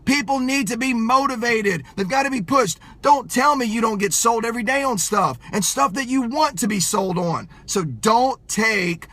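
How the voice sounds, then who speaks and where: A middle-aged man giving a fired-up motivational sales pep talk, yelling and hammering home his points with punchy repetition. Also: extremely high pitch, expressive, moderate pace, hardly any pauses.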